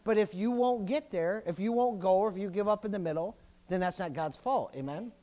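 A man preaching a sermon, folksy and joking at times, building up to shouts with many hallelujahs and praise the Lords. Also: high-pitched, a little fast. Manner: folksy, jokey asides. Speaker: pastor.

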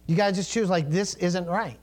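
Middle-aged man, pastor, chatty sermon, story-driven, slightly high voice. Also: fairly quick, darkish tone. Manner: conversational storytelling preaching with asides.

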